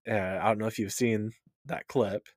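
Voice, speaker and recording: A man co-hosting a fantasy podcast in casual chat, easygoing and halting, with lots of fillers. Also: lowish voice, steady tone, dry recording, studio quality. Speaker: podcast co-host.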